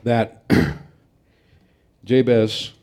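Lower-voiced man preaching earnestly. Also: animated, extremely slow, a little mellow. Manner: earnest, emphatic, with occasional restarts. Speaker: pastor. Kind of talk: sermon.

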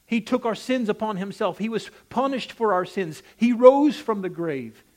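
A man's voice: sits high, lively intonation, moderate pace, a little mellow. A male preacher delivering a sermon, with an emphatic preaching cadence that rises and falls, often putting direct questions to the congregation.

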